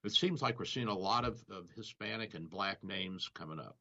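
A man's voice: low-pitched, moderate pace, creaky, pushed and bright. A man hosting a radio show as a doctor, in casual banter, rambling and telling stories with chuckles. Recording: dull lo-fi radio audio.

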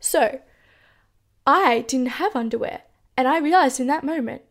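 Young woman, high voice, chatty confessional storyteller who swears and fills with "like.". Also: unhurried, a bit bright. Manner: chatty, swears freely, peppers speech with "like". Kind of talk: casual personal storytelling.

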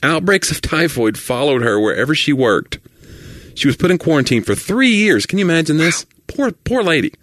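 A male podcast co-host in casual chat, retelling stories with lively asides. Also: a little high, no echo. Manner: lively, quick asides, storytelling.

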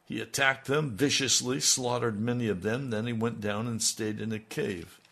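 A man's voice: mid-range voice, moderate pace, vocal fry, fairly bright tone. A man preaching, retelling a scripture story in a folksy way with conversational asides to his listeners. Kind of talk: storytelling sermon.

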